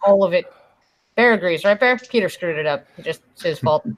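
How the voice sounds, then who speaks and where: A woman's voice: lowish voice, expressive, fairly quick. A woman from Canada joking bluntly and swearing in a casual chat with friends on a stream. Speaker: stream guest.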